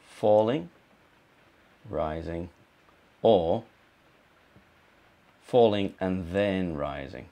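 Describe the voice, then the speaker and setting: A British man teaching a pronunciation lesson, explaining slowly and repeating words to model them. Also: fairly low pitch, a little mellow. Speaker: English teacher.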